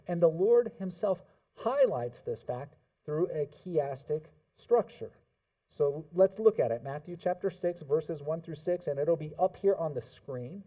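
Mellow-voiced pastor teaching from a distance. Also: male voice, a little high. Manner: casual, conversational preaching with fillers. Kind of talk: sermon teaching.

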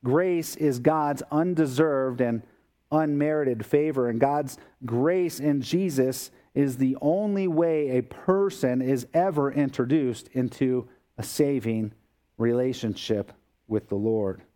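A man's voice: medium pitch, slow pace, dark tone. A man preaching a sermon as a pastor, explaining scripture in a conversational way with everyday asides.

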